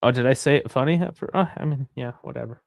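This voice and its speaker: A young man hosting a live football watch-along, chatty and rambling, swearing freely and bursting into shouts at big chances. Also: medium pitch, fast talker, gravelly, no echo, clean studio sound. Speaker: live stream host.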